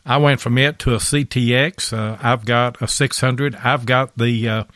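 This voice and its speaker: A man's voice: mid-range voice, steady tone, moderate pace, a bit bright. A man hosting a live radio talk show in a folksy, easygoing way.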